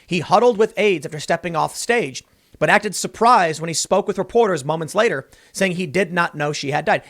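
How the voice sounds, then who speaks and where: A man's voice: high-pitched, animated, brisk, a bit bright. A man hosting a political commentary show, reading news excerpts aloud and breaking in with casual remarks like "dude" and "man".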